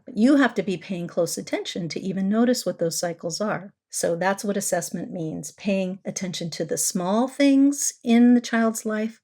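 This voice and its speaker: A middle-aged woman therapist hosting a parenting podcast, teaching in a calm, coaching way and repeating key words for emphasis. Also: medium pitch.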